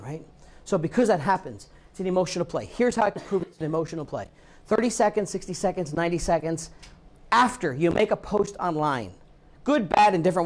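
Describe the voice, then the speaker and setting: A man giving a live training talk to a room of real estate agents, lively, acting out what people say. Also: sits high.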